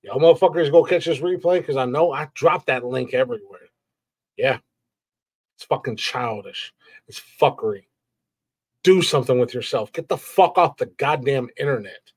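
A man hosting a live show who rants with heavy swearing and keeps circling back to the same complaints. His voice sits at an ordinary pitch and sounds dry and close to the mic. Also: fairly quick, dry recording. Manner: heated, profane, repetitive, frustrated. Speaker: podcast host. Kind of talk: profane live-stream rant.

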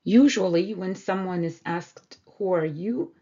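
A woman teaching a beginners' French lesson, repeating each word slowly and carefully. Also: fairly low pitch, warm tone, slightly rough, dull audio. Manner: slow, careful repetition of words. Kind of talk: slow language lesson.

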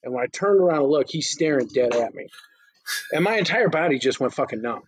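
Husky-voiced ranting man, podcast chat. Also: fairly high pitch, expressive, brisk, no room sound. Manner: ranting, profane, exasperated. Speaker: podcast co-host. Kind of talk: casual chat.

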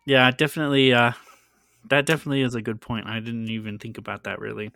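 A man's voice: mid-range voice, level tone, fast talker, gravelly, bright, forceful tone, dry recording, studio quality. A man co-hosting a podcast, talking casually with lots of "like" fillers and frequent laughter. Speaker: podcast co-host. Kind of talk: casual chat.

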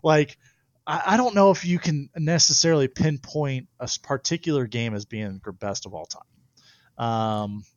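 A young man guest on a podcast, a professional pitcher, who tells his stories in a rambling way and keeps breaking into laughter. His voice sits at a middle pitch, and the recording is dry and close, with little room sound. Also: moderate pace, dry recording, dull audio. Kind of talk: casual storytelling interview.

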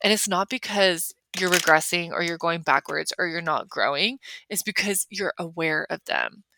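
Against a noisy background, a young adult woman with a fairly low voice talks at normal speed. She hosts a casual solo podcast and sounds chatty and emphatic, filling her speech with "like" and other fillers.

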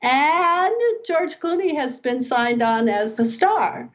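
A woman's voice: sits high, expressive, slow pace, highs cut off. An older woman, a podcast guest and personal development coach, telling stories in a chatty, rambling way. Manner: chatty, rambling anecdotes with fillers. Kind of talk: animated storytelling in conversation.

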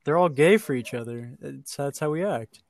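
A man's voice: a little high, lively intonation, moderate pace, vocal fry. A young man joking and reacting in casual chat with friends.

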